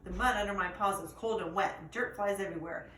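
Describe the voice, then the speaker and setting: A woman reads a chapter book aloud to children in a lively manner, stopping to ask them questions. Her voice is bright and sharp. The room is echoey, the mic distant, with faint noise behind. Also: medium pitch, quick pace. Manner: lively, asks listeners questions. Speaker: teacher reading aloud.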